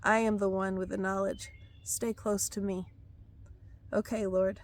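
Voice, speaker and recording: Hoarse woman in a flat, solemn delivery. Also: mid-range voice. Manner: slow, solemn, measured. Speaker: prophetic devotional speaker. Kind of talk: reading prophetic messages aloud.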